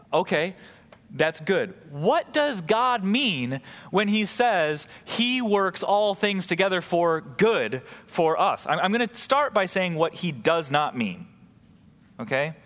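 A man's voice: high voice, a bit bright, long reverb tail. A man preaching a sermon, reading scripture and then explaining it with emphatic rises and drops.

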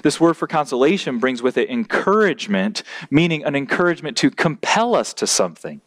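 A man's voice: on the high side, very animated, a little fast. A man preaching a sermon as pastor in a church, earnest and building to emphatic points.

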